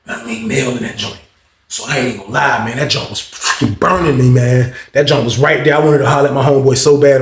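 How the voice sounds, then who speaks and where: Animated young man telling a story. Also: on the high side, gravelly. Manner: animated slangy retelling, acts out quotes. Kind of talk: casual jailhouse storytime. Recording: echoey room.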